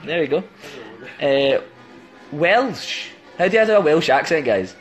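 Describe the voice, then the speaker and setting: A man's voice: on the high side, sing-song, brisk, soft background music. A young man from England on a phone live stream, chatting playfully and giggling as he tries out silly accents. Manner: playful, giggly, jumps between joke accents. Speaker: band member hosting a live stream. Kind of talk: casual chat doing silly accents.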